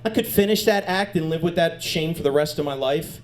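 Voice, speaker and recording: A man doing stand-up comedy on a club stage, animated and crude, chatting with the crowd. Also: on the high side, fairly quick.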